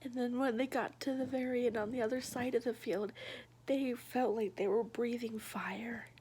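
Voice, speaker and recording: A young woman whispering a personal story in a soft, halting, intimate hush. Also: fairly high pitch, steady tone, a little hiss or hum. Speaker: vlogger sharing her past.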